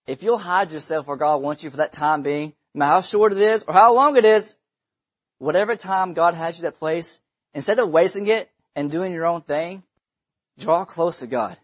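Impassioned male preacher, husky higher voice, slightly dull lo-fi church recording. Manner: impassioned, repeats phrases for emphasis. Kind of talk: sermon. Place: church sanctuary.

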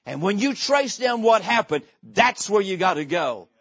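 A man's voice: high voice, very animated, moderate pace, a bit bright, breathy edge, dry recording, muffled recording. A man preaching a sermon from a church pulpit, emphatic and repetitive, telling stories to make his point. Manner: emphatic storytelling preacher, repeats phrases. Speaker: pastor.

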